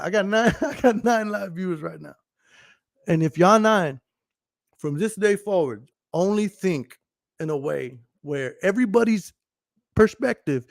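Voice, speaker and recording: A man in his thirties rants loosely to his livestream audience in a slightly raised pitch, cursing freely and breaking into laughs. The sound is close and dry, with no room around it. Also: expressive, a little slow, vocal fry, no room sound. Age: 30s. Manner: profane, emphatic, laughs often. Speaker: podcast host. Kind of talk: casual livestream monologue.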